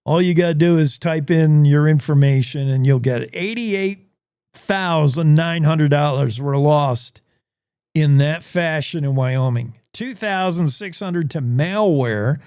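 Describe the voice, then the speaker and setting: A man's voice: fairly high pitch, unhurried, a little mellow, clean tone, no room sound, clean studio sound. A male talk show host delivering conversational news commentary with wry, folksy asides.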